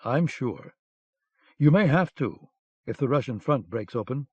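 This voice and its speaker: A man's voice: medium pitch, animated, a little slow, husky, no room sound. A man voicing a blustering German army lieutenant who barks commands, on a dull lo-fi cassette audiobook recording. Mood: scornful. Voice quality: barking, commanding.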